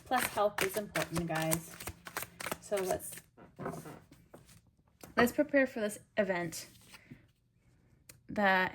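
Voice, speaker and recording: A woman's voice: medium pitch, lively intonation, slow pace, pauses often, fairly bright tone. A woman giving a casual tarot reading. She reads card meanings aloud and then riffs on them, chatting straight to the viewer in an upbeat, coaxing way. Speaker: tarot reader.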